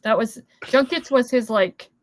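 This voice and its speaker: A woman's voice: on the high side, animated, measured pace, slight background noise. Woman guest, blunt in casual chat.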